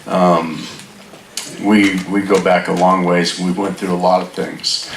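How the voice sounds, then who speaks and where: A man, the church's pastor, introducing a guest speaker and leading a prayer, halting with many restarts. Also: deep voice, little pitch movement, creaky, a little hiss or hum. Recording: echoey church from far off.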